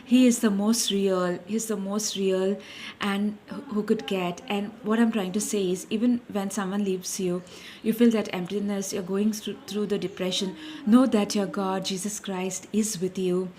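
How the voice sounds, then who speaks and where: A woman's voice: medium pitch, fairly even intonation, a little slow, mellow, a little hiss or hum. A woman giving an informal devotional message, earnest and repetitive, often calling listeners her dear friends and correcting herself as she goes. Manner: self-correcting, searching for words. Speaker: Christian speaker.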